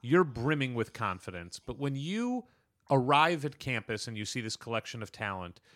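Male podcast host, mid-pitched, dry close sound, builds up his questions. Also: sing-song, normal speed, fairly bright tone, dry recording. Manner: sets up questions with long framing, laughs along. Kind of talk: interview questions.

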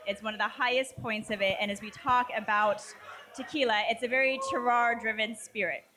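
A woman's voice: fairly high pitch, steady tone, a little fast, pushed and bright, soft background music. A woman guest, a brand representative, talking in a chatty, upbeat way at a tasting event, with lots of casual fillers.

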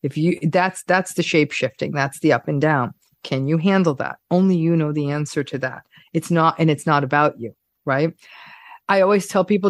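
A woman clinical psychologist talking casually on a podcast, animated and playful, acting out everyday examples. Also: sits low, moderate pace, no room sound, studio quality.

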